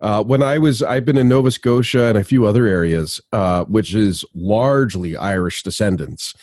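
A man's voice: on the low side, normal speed, a little mellow, no room sound. A North American man chatting casually about a film, easygoing and talkative. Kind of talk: casual movie review chat.

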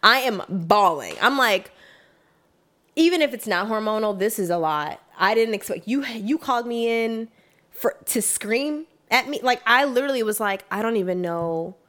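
A young woman, a guest, tells a story from work in a relaxed, casual chat. Her voice is a little high and moderately paced, and she delivers it emphatically and animatedly, slipping into quotes of herself and others.

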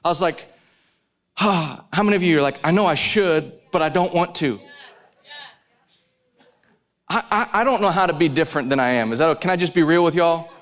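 A man's voice: on the high side, quick pace, fairly bright tone. A man preaching a sermon at a live conference, telling stories intensely and with animation.

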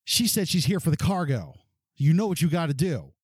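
A man's voice: on the high side, big pitch swings, fairly quick, breathy edge, dry recording, clean studio sound, pitched above the performer's own voice. A man voicing a hot-tempered male laborer who speaks in a threatening, sneering way. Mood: hostile.

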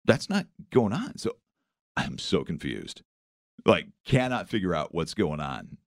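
A man hosts a casual morning chat, recounting a story in a low voice that swings up and down with animation. He hesitates and restarts often. The sound is close and dry. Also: huge pitch swings, a little slow, no echo. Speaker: morning show host.

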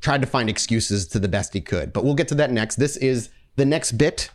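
A man hosting a podcast in casual chat, filling gaps with "uh" and "like" as he explains each part. His voice sits at a middle pitch. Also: animated, a little fast. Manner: filler-heavy, explaining as he goes. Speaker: podcast host.

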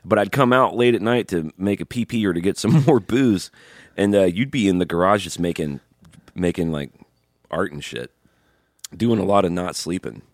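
Very deep-voiced joking man. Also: normal speed, no room sound, clean studio sound. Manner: joking, loose, swears. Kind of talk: casual chat.

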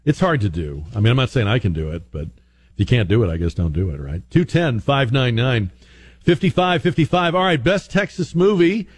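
A man's voice: medium pitch, expressive, fairly quick. A man hosting a radio call-in show, chatty and rambling, with plenty of ums and restarts. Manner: chatty, rambling, many fillers. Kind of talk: casual talk radio.

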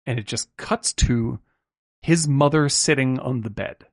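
Gravelly man rambling about a film. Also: medium pitch, unhurried, no echo, clean studio sound. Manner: rambling, many "like" and "right?" fillers, swears casually. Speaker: film podcast host. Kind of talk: casual film discussion.

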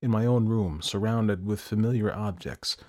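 Guy narrating an audiobook in first person, low voice, measured. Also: mellow.

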